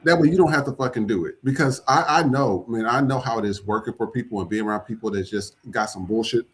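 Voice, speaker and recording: A man at an ordinary middle pitch hosts a podcast in a loose, chatty way. He talks straight to his listeners and drops casual curses along the way. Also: fast talker. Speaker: podcast host.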